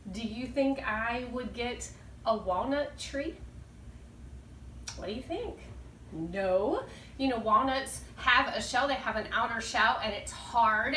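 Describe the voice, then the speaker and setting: A woman teaching a children's Bible lesson, talking to the kids in an animated, gushing, sing-song way. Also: on the high side, slight background noise. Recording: echoey room, mic at a distance.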